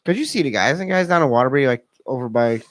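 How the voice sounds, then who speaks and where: A man's voice: medium pitch, expressive, very fast. A man co-hosting a radio show, retelling stories and cracking crude jokes. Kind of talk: casual radio banter. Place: radio studio.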